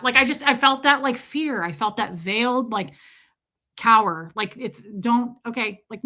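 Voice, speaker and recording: A woman's voice: a little high, lively intonation, measured pace, pushed and bright. A woman hosting a casual livestream, telling a story emphatically and acting out the voices of people in it. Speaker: livestream host.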